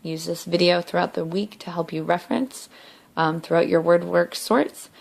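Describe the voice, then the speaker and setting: A young woman teacher talking through a recorded spelling lesson, saying words slowly and clearly one at a time. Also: fairly low pitch, steady tone. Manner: slow, clear word-by-word demonstration.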